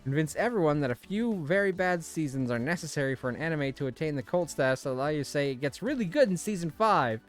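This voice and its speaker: A man's voice: a little high, fast, few pauses, soft background music. Chatty man hosting a game stream. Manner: chatty, animated, laughs often. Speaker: let's play host. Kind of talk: casual gameplay commentary, reading game text aloud.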